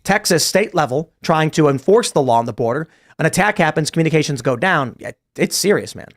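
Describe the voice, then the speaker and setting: A man hosting a political panel show, talking fast and acting out quoted shouts as he tells stories. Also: fairly high pitch, animated. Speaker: host.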